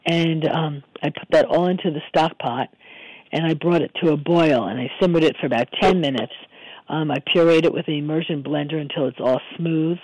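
A hoarse man hosting a radio show, his voice sitting a little higher than most men's. He talks in a relaxed, easygoing way, full of ums and small restarts. The studio sound is dry and close. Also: fairly quick, dry recording, poor audio. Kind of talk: casual radio talk, recipe and guest intro.

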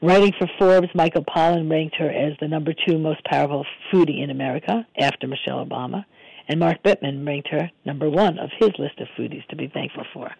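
A man hosting a radio talk show, hoarse after losing his voice, talking casually with many ums and restarts. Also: a little high, fairly quick, a little mellow, dry recording, rough recording. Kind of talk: casual radio talk, recipe and guest intro.

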